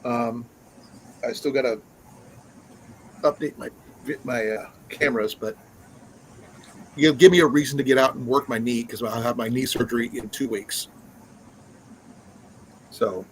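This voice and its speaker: Man, live-stream host, casual chat, rambling, lots of ums, mid pitch. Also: fairly bright tone, a little hiss or hum, poor audio. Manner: rambling, with many fillers and restarts. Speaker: livestream host.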